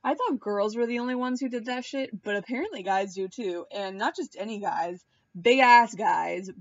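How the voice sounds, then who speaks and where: A young woman recapping reality-show drama in a casual, animated way, mimicking people in high voices and swearing offhand; she is pregnant and queasy. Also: no echo. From Puerto Rican and Cuban heritage. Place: hot room at home. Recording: dull, dry home recording.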